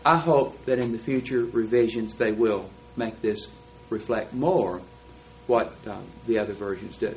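A man's voice: fairly low pitch, unhurried, darkish tone, a little hiss or hum, rough recording. A man teaching a Bible class, explaining texts in an emphatic, lecturing way. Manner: emphatic, explanatory, stresses key words.

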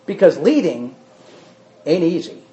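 A man's voice: fairly high pitch, measured pace, muffled recording. A man giving a conversational sermon, reading scripture aloud and talking directly with his congregation. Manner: animated, talks with the congregation, reads scripture aloud. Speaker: pastor or Bible teacher.

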